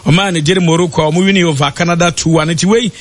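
Man, radio pundit, high-pitched, hesitant, filler-heavy. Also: fairly even intonation. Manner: halting, many fillers. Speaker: match analyst. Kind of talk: sports radio analysis.

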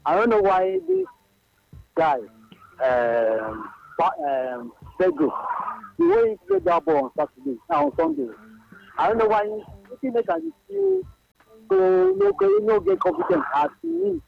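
A man's voice: extremely high pitch, big pitch swings, unhurried, vocal fry. A male radio caller with a Nigerian Pidgin accent, hesitant and full of fillers, heard over a dull phone line. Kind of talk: phone-in opinion.

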